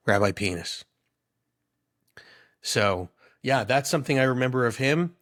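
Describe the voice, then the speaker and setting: A man's voice: mid-range voice, measured pace, pauses often. A man in his thirties co-hosting a podcast, chatting casually and telling rambling, amused stories. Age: 30s. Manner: rambling storyteller, amused and animated. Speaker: podcast co-host. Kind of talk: casual chat.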